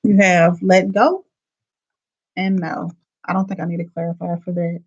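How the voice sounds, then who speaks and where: A woman's voice: lowish voice, level tone, moderate pace, a little mellow, lo-fi sound. A woman with a Southern US accent giving a live oracle card reading in a casual, chatty way, full of fillers. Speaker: tarot reader.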